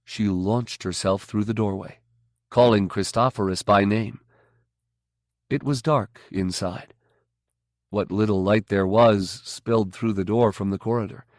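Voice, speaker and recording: A man narrating a science fiction audiobook in a measured, even way. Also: on the low side, dry recording, studio quality. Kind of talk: scripted narration.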